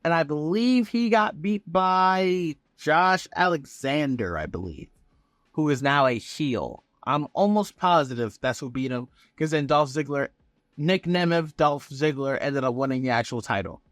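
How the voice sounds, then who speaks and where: A man talking as a vlogger, giving casual fan commentary in an excitable, profane, rambling way. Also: a little high, measured pace, no echo, clean studio sound. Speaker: wrestling vlogger.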